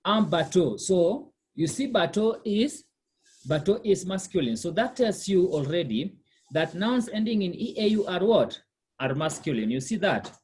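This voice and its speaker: A man tutors French, his voice sitting on the higher side. He speaks patiently, repeating each word and asking "okay?" to make sure the student follows. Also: very animated, normal speed, darkish tone, slightly rough. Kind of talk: one-on-one language lesson.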